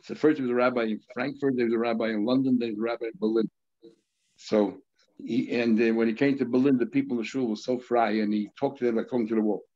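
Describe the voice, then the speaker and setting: A man's voice: medium pitch, steady tone, fast talker, mellow. A male rabbi giving a Talmud lesson, explaining terms step by step in a conversational way. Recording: slightly dull lo-fi audio.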